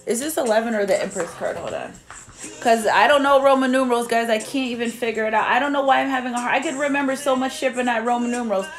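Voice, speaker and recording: A young woman giving a casual live tarot reading, chatty and blunt, swearing freely as she talks to her viewers. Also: a little high. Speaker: tarot reader.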